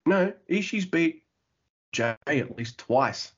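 A man's voice: on the high side, expressive, takes it slowly, breathy edge, muffled recording. A man from Australia with an Australian accent, co-hosting a casual podcast chat, laughing often and swearing freely. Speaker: podcast co-host.

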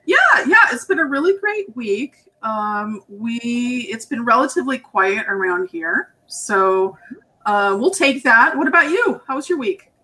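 Over a video call, a woman co-hosting a podcast chats casually in a fairly high, animated voice at a measured pace. She's warm and laughs often, asking long, rambling questions.

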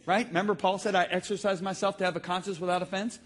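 A man preaching a sermon to a congregation, telling stories with sudden shouts and emphatic, drawn-out phrases. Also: high-pitched, little pitch movement. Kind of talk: sermon with audience call-and-response. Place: church hall with live congregation.

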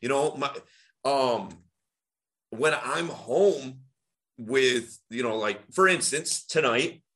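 A man, a dating coach, talking in a casual podcast conversation with an energetic, emphatic public-speaking delivery and big swings in pitch. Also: slow pace. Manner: animated public-speaking tonality.

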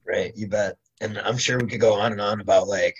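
A man hosting a casual interview, speaking in a relaxed, hesitant way. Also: fairly low pitch, a little fast, husky, highs cut off. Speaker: podcast host.

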